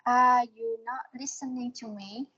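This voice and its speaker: A woman's voice: a little high, steady tone, measured pace, sharp tone, lo-fi sound, slight background noise. A woman with a Vietnamese accent, a student in an English lesson, reading her answers aloud hesitantly and carefully repeating words after her teacher.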